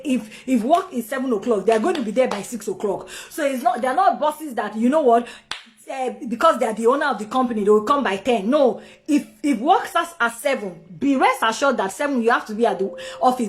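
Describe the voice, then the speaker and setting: A woman hosting a live stream, telling a personal story in an animated, chatty way, with many asides, and greeting viewers as they join. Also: on the high side. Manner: talkative, with many asides and restarts.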